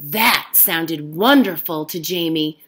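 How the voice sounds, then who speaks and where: A woman's voice: low-pitched, takes it slowly, fairly bright tone, slightly rough. A woman reading a storybook aloud as a teacher, giving the characters their own voices.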